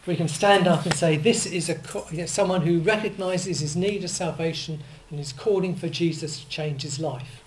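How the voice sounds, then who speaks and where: An older preacher delivers a sermon in an easy, conversational way. The voice sits at a middle pitch. The talk wanders into asides, restarts and little corrections, with faint noise in the background. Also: normal speed, hardly any pauses, poor audio.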